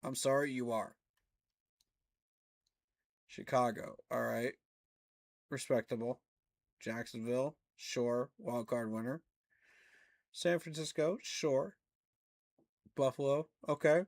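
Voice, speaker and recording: A man's voice: medium pitch, slow, creaky, pauses often. A man ranting casually about rankings as a fan channel host, incredulous, with laughing asides. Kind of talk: casual reaction commentary.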